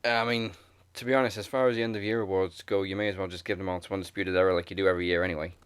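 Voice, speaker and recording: Man, podcast co-host, low pitch, dry close recording, offhand chuckling banter. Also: little pitch movement, rapid-fire, clear, resonant tone, no echo.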